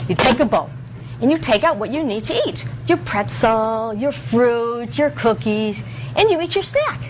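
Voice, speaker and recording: A woman leading an interactive lesson for young children, with an animated sing-song teacher voice that swoops high when she praises them. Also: unhurried, slight background noise. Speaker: visiting presenter teaching children. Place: school room with children.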